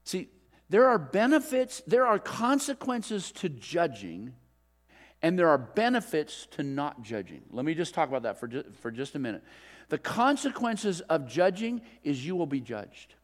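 A middle-aged man preaching a sermon as a pastor, telling a story in a relaxed, conversational way. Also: a little high, moderate pace. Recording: long reverb of a large hall.

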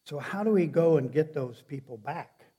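A man preaching a sermon in a halting, conversational way, often restarting sentences and putting questions to the congregation. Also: on the high side, animated, slightly rough, muffled recording. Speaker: pastor.

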